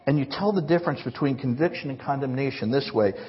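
A man's voice: medium pitch, fast talker, slightly rough. A male pastor preaching a sermon in a large church hall, earnest and conversational, often acting out quoted lines. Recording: reverberant, dull lo-fi hall recording.

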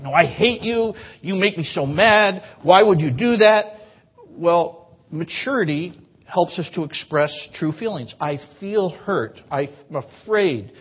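This man delivers an earnest, conversational sermon in a church, with a husky, slightly raised voice. The recording is dull and lo-fi. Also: on the high side. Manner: conversational, earnest preaching with repeated restarts. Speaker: pastor. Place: church sanctuary.

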